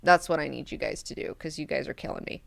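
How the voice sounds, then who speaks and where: A woman's voice: low voice, lively intonation, fast, creaky, full character voice. A woman voicing a harried old male official who sounds exasperated and swears casually.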